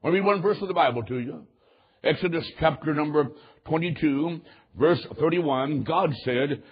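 A man's voice: fairly high pitch, moderate pace, husky, muffled recording. A male pastor preaching a sermon, reading scripture and telling folksy stories with emphasis.

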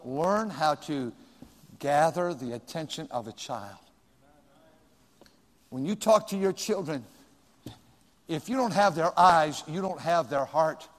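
An older man preaching a folksy sermon, swinging between loud outbursts and quiet asides. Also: on the high side, big-room sound. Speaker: pastor.

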